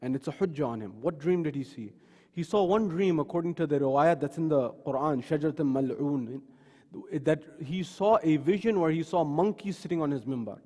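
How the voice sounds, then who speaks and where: A man's voice: on the high side, a little fast, warm tone. A man delivering a sermon in a mosque, telling stories dramatically and acting out the people he quotes. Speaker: speaker at a mosque. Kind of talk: sermon with acted retellings. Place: mosque hall. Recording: long hall reverb.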